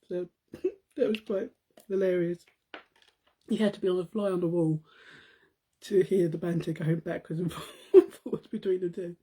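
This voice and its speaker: A woman's voice: on the low side, unhurried, long pauses, dark tone, husky. A middle-aged woman, chatting casually to viewers on a live stream, telling a funny family story and laughing often.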